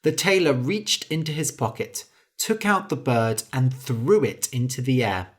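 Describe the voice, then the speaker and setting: A storyteller reading a fairy tale aloud slowly and clearly for English learners. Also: mid-range voice. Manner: slow, clear, lively delivery.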